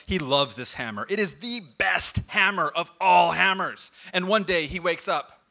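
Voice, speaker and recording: A man gives a comic storytelling talk with playful energy. His voice is bright and lively, with a lot of movement in pitch. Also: normal speed, gravelly. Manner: animated, playful. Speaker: speaker at a nerd talk night.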